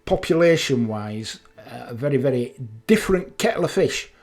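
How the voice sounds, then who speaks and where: A man's voice: medium pitch, lively intonation, normal speed, darkish tone. A man with a West Yorkshire Bradford accent, chatting casually to camera with fillers and rambling asides. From West Yorkshire, England. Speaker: motorcycle vlogger. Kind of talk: casual explanatory monologue.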